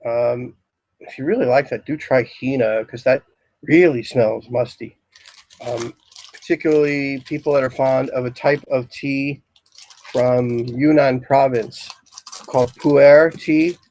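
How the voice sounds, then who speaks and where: A man giving a casual, rambling talk on incense in a shop, describing scents with many pauses. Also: mid-range voice, a little mellow, low-quality recording. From Philadelphia area, US. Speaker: incense store lecturer. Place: shop, indoors.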